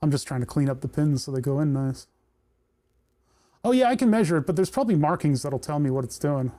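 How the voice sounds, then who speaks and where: Mellow-voiced man soldering on a livestream. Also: fairly high pitch, sing-song, fairly quick. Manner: thinks aloud and talks to the parts he works on. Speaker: electronics livestreamer. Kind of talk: casual livestream commentary while soldering.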